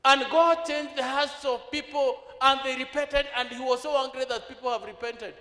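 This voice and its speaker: In an echoey, reverberant church hall, a Kenyan man preaches, putting rhetorical questions to the congregation and switching into Swahili mid-sentence. His voice is very high-pitched, pushed and bright, with a steady tone and moderate pace.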